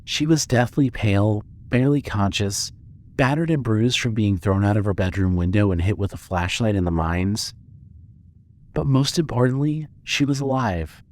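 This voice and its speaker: A man narrating a fan audio drama with steady storytelling. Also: on the low side, moderate pace.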